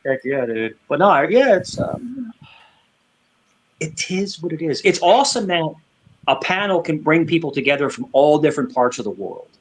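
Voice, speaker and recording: An upbeat man chatting on an online panel, his voice lively and full of ups and downs. He sits a little high in pitch and keeps everything enthusiastic and friendly. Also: moderate pace. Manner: upbeat, enthusiastic, says dude. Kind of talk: casual online panel chat.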